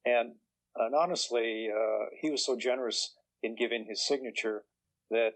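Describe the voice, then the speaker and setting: A man's voice: mid-range voice, steady tone, normal speed, rough recording. Older man telling stories. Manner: chatty, acts out quoted voices, chuckles through punchlines. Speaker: guest author. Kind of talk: relaxed anecdotal storytelling.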